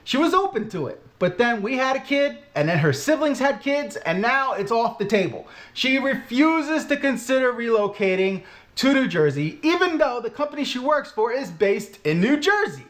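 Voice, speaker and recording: Blunt Brooklyn-accented man, lively pitch. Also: moderate pace. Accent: Brooklyn Italian-American New York. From Brooklyn, New York. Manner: blunt, self-mocking, swears casually. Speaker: channel host. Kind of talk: casual live-stream chat.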